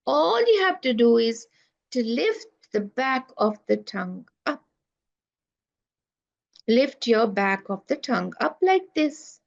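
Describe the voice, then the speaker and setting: A woman's voice: on the high side, sing-song, slow, gravelly, pauses often. A woman teaching an online class, explaining patiently and asking her students rhetorical questions. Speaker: tajweed teacher. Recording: dull lo-fi online class audio.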